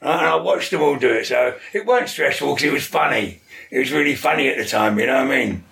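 A man telling a lively anecdote, acting out the voices in it. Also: medium pitch, fast talker, creaky, slight background noise. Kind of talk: casual storytelling. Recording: distant mic.

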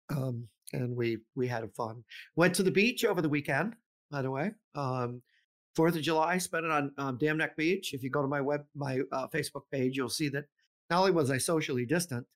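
This middle-aged man co-hosts a podcast, chatting casually at a moderate pace in a fairly high voice. He wanders in his talk, full of ums and false starts, and laughs a lot.

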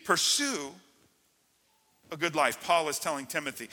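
A man preaching a sermon as pastor, energetic and full of call-and-response to the congregation. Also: a little high, measured pace, in a large hall. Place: church sanctuary.

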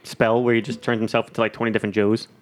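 A man co-hosting a podcast, joking around in casual banter. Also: lowish voice. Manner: animated, quick-talking, joking. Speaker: podcast co-host.

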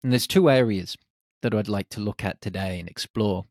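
A man hosting a reflective solo podcast, speaking in short, unhurried phrases. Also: lowish voice, darkish tone, no room sound, clean studio sound. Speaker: podcast host.

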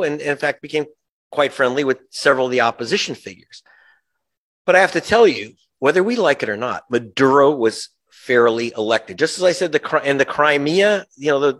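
A man's voice: mid-range voice, a bit bright. A male journalist, a guest in an interview, giving passionate political commentary, sarcastic, with frequent restarts. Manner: impassioned, sarcastic, many restarts.

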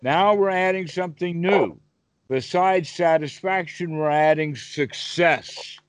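A man's voice: fairly high pitch, slow pace, no echo. A man teaching meditation over a call, asking his listener questions and giving vivid everyday examples. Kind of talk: Dhamma talk on a call.

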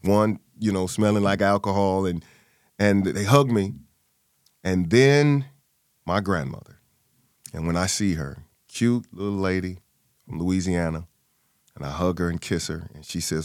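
A male guest tells a personal family story in an interview, unhurried and pausing often, in clean studio sound with no room noise. He gets animated when quoting people, acting out their voices with large pitch jumps.

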